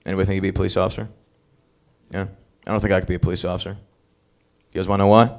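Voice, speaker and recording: A man's voice: deep voice, little pitch movement, very fast. A man hosting an open mic comedy night, working the crowd with crude, profane banter on a club stage.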